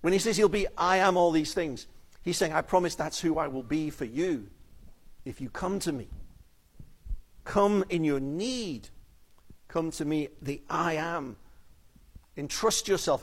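Preacher, male, fairly high-pitched, earnest pleading sermon delivery with quiet emphatic drops. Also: a little slow, pauses often. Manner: earnest, pleading, drops to soft intensity on key phrases.

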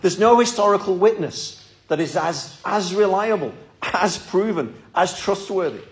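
A man's voice: sits high, expressive, measured pace. A man preaching a sermon in a church, earnest and pleading, often repeating his words.

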